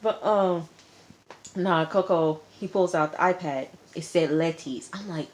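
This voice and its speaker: A woman's voice: deep voice, moderate pace, darkish tone, a little hiss or hum. A woman giving a casual vlog recap of a TV episode, retelling it dramatically and animatedly, repeating phrases for effect. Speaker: TV episode reviewer.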